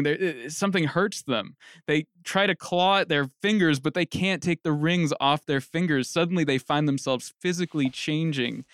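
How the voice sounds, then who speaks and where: Young man spinning a comedy movie pitch, higher voice, smooth and dry, acts out bits. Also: no room sound. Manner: animated storytelling, acts out quotes. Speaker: podcast co-host.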